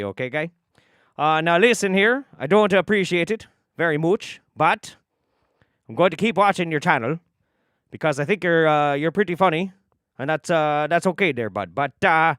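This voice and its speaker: Man putting on a Canadian accent: folksy phone complainer, a bit higher and louder than his own voice. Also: normal speed, clean tone, no room sound, studio quality, lightly acted. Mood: mock indignant. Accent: Canadian impression. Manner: drawling, filler-heavy, ends with "eh".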